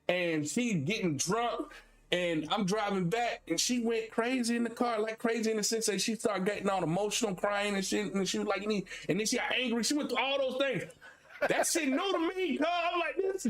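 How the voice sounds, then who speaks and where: High-voiced man telling wild stories. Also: moderate pace. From Florida. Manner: animated, laughing, swings between high excited and low asides. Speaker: streamer and host. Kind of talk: casual storytelling chat.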